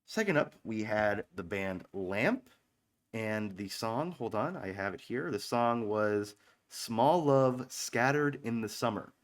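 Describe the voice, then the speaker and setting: A man in his thirties chats loosely between tracks as a stream's host, in a voice sitting a touch low. He rambles, restarts his sentences, swears freely and pokes fun at himself. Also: expressive, slow pace. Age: 30s. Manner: self-mocking, joking asides. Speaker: online radio stream host. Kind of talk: casual stream chatter between songs.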